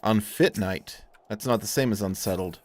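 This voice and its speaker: A man's voice: fairly low pitch, moderate pace. A man casually commenting on a video game as he plays, joking in a wry, playful way. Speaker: let's play host.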